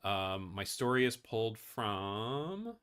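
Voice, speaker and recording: A man's voice: on the low side, sing-song, takes it slowly, fairly bright tone, clean tone. A young man hosting a casual news livestream, rambling and self-deprecating, with many fillers and restarts as he reads stories and viewer comments.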